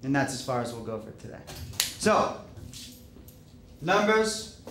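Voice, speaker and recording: A man teaching a language lesson, sounding each word out slowly and carefully. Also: medium pitch, steady tone, slight background noise. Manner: slow, spelling words out carefully, stressing each syllable. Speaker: Spanish teacher. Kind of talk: classroom-style lesson. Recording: echoey room, mic far off.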